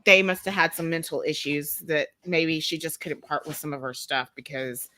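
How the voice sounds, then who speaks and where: A woman's voice: low voice, moderate pace, bright, forceful tone, no room sound. A woman with a Texas accent chatting casually on a live stream as co-host, rambling and laughing often. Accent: Texan.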